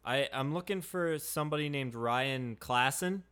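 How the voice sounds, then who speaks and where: A man's voice: mid-range voice, unhurried, a bit bright, clean tone. A man hosting a podcast and acting in an improvised comedy skit, talking in a rambling, hesitant way. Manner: hesitant and rambling, with many restarts and fillers. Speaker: podcast host.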